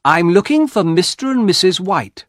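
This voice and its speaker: A man's voice: high voice, sing-song, moderate pace, dry recording, clean studio sound, pitched above the performer's own voice. A man reading an audiobook, voicing a grave, well-dressed male stranger who speaks politely and with measure. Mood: formal.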